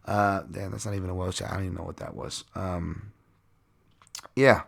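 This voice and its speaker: A man's voice: sits low, fairly even intonation, moderate pace, vocal fry, husky. A man hosting a podcast, breaking down fight bets in a rambling, self-mocking way and chuckling often. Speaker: podcast host. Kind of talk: casual sports-betting breakdown.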